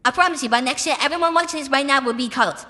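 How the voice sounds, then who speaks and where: A woman's voice: high voice, rapid-fire, pushed and bright. A young adult woman musician answering interview questions in a blunt, boastful, profane way. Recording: reverberant with background music.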